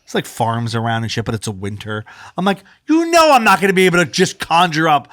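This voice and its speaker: A man in his thirties co-hosting a podcast, telling a long story in casual chat, animated, swearing freely and acting out what people said. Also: fairly high pitch, fast, dry recording, studio quality. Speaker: podcast co-host.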